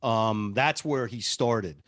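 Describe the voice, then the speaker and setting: A man's voice: on the low side, takes it slowly, a bit bright, no echo, studio quality. A man, a radio producer, telling stories casually in an interview, chatty and self-deprecating. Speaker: radio show producer and on-air personality.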